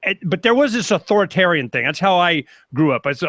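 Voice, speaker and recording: Older guy on a video call, kinda high bright voice, animated rambling chat. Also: quick pace, no echo. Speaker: panel guest.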